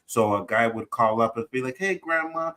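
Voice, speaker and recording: A man's voice: on the low side, fairly even intonation, fairly quick, fairly bright tone, poor audio. A man co-hosting a casual panel chat, telling a personal story and often checking in with "right?". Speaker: podcast co-host.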